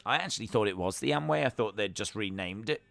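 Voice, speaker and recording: A man's voice: lowish voice, expressive, quick pace, vocal fry, fairly bright tone, no room sound. A man hosting a live reaction stream, chatting and joking about what he is watching, with frequent uhs.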